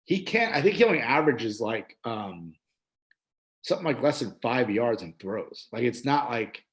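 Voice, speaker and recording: A man in an easygoing sports chat who rambles, scattering fillers as he tells stories. His voice sits at an ordinary middle pitch. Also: very animated, moderate pace. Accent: New Jersey. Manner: rambling, full of fillers like "like" and "uh", laughs easily. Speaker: podcast co-host.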